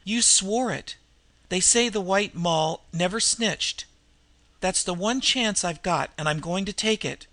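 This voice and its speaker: A man voicing a sick, desperate woman criminal in disguise, who speaks in a hoarse, labored voice with slangy underworld talk. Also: high voice, measured pace, pushed and bright, no echo.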